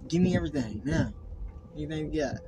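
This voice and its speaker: A man's voice: a little high, fast, noisy background. A young man hosting a podcast, telling loose profane stories and slipping into impressions of people. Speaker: podcast host. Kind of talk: casual chat.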